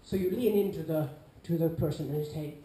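A woman with a Nordic accent giving an informal lecture to a class, lively, acting out quoted players with sudden loud calls. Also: sits low, brisk. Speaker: lecturer on larp safety. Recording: echoey lecture room.

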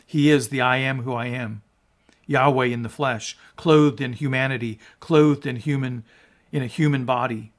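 A man preaching as a pastor, reading scripture aloud and explaining it in an earnest sermon, often restarting words and dropping low at the ends of phrases. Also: steady tone, moderate pace. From United States. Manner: earnest, rises in emphasis on quotes, drops low at phrase ends.

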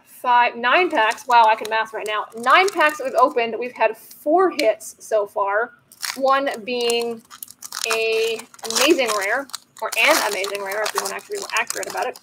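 A woman's voice: a little high, creaky, background noise. A woman hosting a card-opening video, chatting playfully and joking as she goes through the cards. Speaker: host of a card-opening channel. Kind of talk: casual card-opening commentary.

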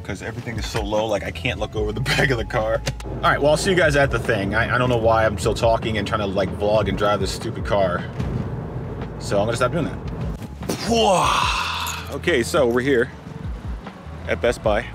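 A man's voice: lowish voice, brisk. A man chatting casually into a handheld camera as he goes about his day, rambling and interrupting himself. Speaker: vlogger. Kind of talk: casual vlog chat. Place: outdoors, in a car, and in a store. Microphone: handheld action camera. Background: lofi music.

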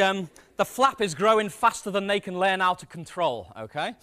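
A man presenting a comic science demonstration on stage to a live audience, energetic and self-mocking. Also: high voice, moderate pace.

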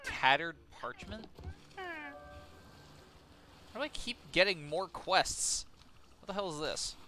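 A man with a high, lively voice chats over a game. He gets excited fast and swears often. His tone is bright and sharp. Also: slight background noise. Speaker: gamer. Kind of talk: casual gaming chat.

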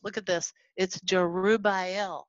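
Woman from texas teaching bible class, chatty and animated, dull lo-fi sound. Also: mid-range voice, normal speed, dry recording. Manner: animated, acts out quoted voices, chatty asides. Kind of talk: casual Bible lesson to a class. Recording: dull lo-fi recording.

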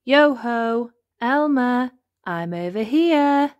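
A woman's voice: fairly high pitch, sing-song, unhurried, no room sound, dull audio, pitched above the performer's own voice. A woman voicing a playful, mischievous young male elephant in a read-aloud storybook, calling out and pleading.

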